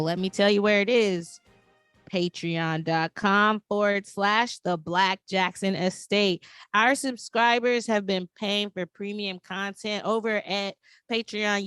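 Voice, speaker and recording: A woman's voice: medium pitch, a bit bright, no echo. Playful woman podcast cohost, dry close sound, faint music under her. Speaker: podcast co-host. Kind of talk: podcast promo and sponsor shout-outs.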